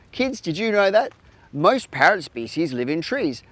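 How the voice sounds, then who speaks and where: A man's voice: high-pitched, very animated, unhurried, no room sound. A man with an Australian accent hosting a children's show, talking to kids in a playful, exaggerated way. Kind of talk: educational talk to kids.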